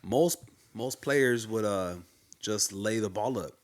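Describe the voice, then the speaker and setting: A man's voice: fairly low pitch, slow. Laid-back man swapping fan stories. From Los Angeles. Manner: laid-back slangy storytelling, laughs often. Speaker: podcast host. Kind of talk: casual chat.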